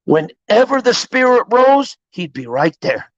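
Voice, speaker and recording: High-voiced preachy motivational man. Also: big pitch swings, a little slow, no echo, lo-fi sound. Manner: preachy and emphatic, swears freely. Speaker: motivational livestreamer. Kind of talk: live-streamed motivational talk.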